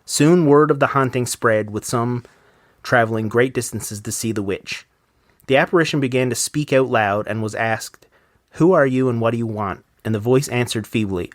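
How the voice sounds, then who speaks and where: A man in a podcast reads a ghost story aloud, then drops into casual, swearing commentary between passages. His voice sits at a middle pitch. It is recorded close and dry, with no room sound. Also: moderate pace, no echo.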